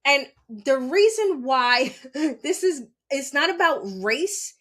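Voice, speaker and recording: A young woman podcast host telling a story as a blunt, animated rant, swearing and asking "you understand?". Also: high voice, slow pace. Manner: animated, blunt, swears, asks rhetorical questions.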